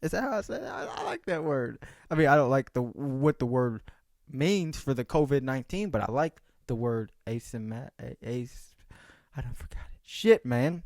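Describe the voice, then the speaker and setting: This dry, studio-quality recording features a young man with a medium-pitched voice talking at a normal pace. Hosting his own podcast solo, he rambles casually, cursing and cracking jokes with animated energy.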